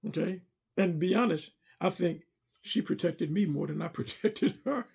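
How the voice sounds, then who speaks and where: A middle-aged man with a high, creaky, husky voice and a darkish tone speaks at normal speed. He gives a personal testimony about serving as a pastor's driver and armor bearer, earnest and a little preacherly, repeating himself.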